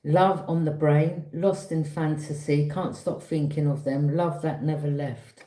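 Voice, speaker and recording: A woman giving a casual, chatty tarot reading, often checking in with a quick "yeah?". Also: low voice, fairly even intonation, mellow. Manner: chatty, repeats herself, frequent "yeah?" check-ins. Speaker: tarot reader. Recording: roomy echo.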